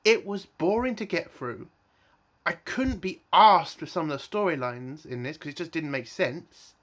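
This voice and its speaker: A man's voice: on the high side, lively intonation, moderate pace, a bit bright. Man, TV review rant, exasperated, swears a lot, punchy rhetorical questions.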